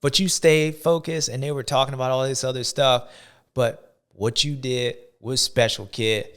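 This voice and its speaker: A man's voice: mid-range voice, fairly even intonation, moderate pace, a bit bright, clean tone. A man hosting a show, giving playful, slangy, rambling sports commentary. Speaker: show host.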